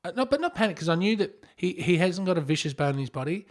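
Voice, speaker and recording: Aussie guy on a podcast, slightly high voice, tells stories with lots of voices. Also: quick pace. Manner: animated storyteller acting out voices. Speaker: podcast co-host. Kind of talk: casual podcast chat.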